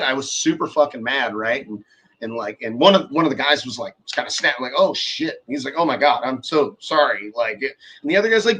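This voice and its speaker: A man's voice: mid-range voice, expressive, fairly quick, a bit bright, breathy edge. A man in his forties telling a long workshop story in casual, profane chat, acting out the people he quotes.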